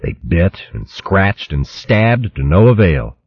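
A man narrating a fantasy adventure in a dramatic, expressive audiobook reading. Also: low-pitched, takes it slowly, breathy edge, dry recording. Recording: dull lo-fi recording.

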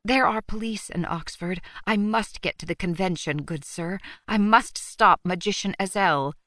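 A woman's voice: medium pitch, moderate pace, fairly bright tone, no echo, clean studio sound, natural voice. A woman voicing a determined young female apprentice, pleading and urgent, in a storybook reading.

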